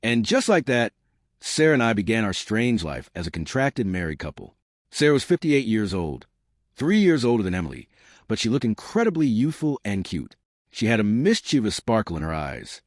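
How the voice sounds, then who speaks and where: Brief: fifties man, low and animated storytelling narration. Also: normal speed, dry recording, studio quality. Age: 50s. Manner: expressive, storytelling. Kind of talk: scripted first-person story narration.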